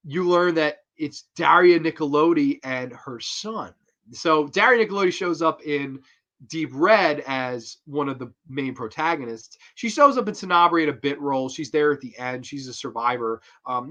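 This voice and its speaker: A man hosting a horror film review show, excitable and profane, acting out quotes as he recaps. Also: a little high, dull audio. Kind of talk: casual film review monologue.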